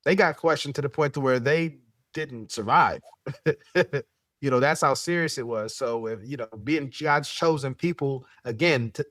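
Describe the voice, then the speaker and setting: Quick, stumbling podcast host. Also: male voice, medium pitch, a bit bright, no echo. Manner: rapid, full of restarts, chuckling. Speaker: show host. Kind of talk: casual podcast debate.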